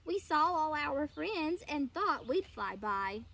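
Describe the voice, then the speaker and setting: Woman teacher, high lively voice, encouraging questions, slow storybook reading. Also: creaky. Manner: encouraging, asks questions of the listeners. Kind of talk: reading a picture book aloud to children.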